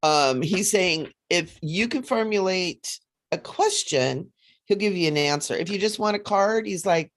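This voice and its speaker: Lowish-voiced lady doing a chatty psychic live stream, laughs a lot. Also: a little slow. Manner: chatty, laughs often, animated. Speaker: psychic livestream host. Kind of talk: casual livestream chat with card readings.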